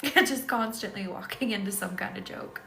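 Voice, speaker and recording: A woman's voice: mid-range voice, normal speed, gravelly, roomy sound, over music. A tired woman hosting a casual live energy-healing stream, chatting and reading comments, who keeps breaking into giggles. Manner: giggly, chatty, easily set off laughing. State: sleepy and tired.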